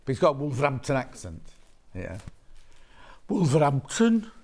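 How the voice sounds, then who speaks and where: In a TV studio, a West Midlands man delivers live shopping-channel patter, bantering, joking and going over the prices again and again. His mid-range voice has a darkish tone and huge pitch swings, at a normal speed.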